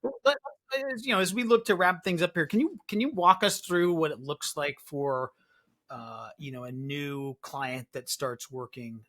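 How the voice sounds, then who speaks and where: A man's voice: a little high, normal speed, a bit bright. A man hosting a podcast interview, reflecting casually with loose fillers. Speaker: podcast host.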